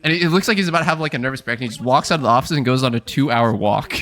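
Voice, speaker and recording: Bright-voiced young man telling stories. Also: mid-range voice. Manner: rambling, lots of "like", quick quoted voices. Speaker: streamer. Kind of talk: casual storytelling on stream.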